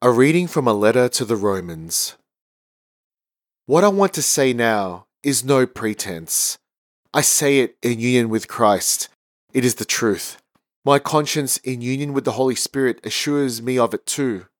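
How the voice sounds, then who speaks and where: Male lector, formal steady scripture reading, close dry sound. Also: mid-range voice, unhurried, no room sound.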